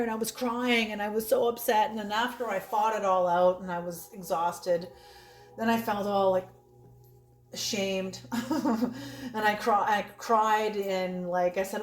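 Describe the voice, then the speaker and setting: A woman's voice: medium pitch, steady tone, measured pace. A woman giving a casual spoken tarot reading, blunt and laughing often, swearing freely. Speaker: tarot reader. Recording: roomy echo.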